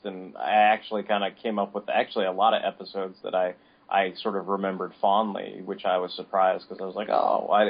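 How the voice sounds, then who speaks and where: A man co-hosting a podcast, chatting casually in a rambling way with many restarts. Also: low voice. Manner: rambling, full of restarts and fillers. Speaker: podcast co-host. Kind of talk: casual chat. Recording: dull lo-fi audio.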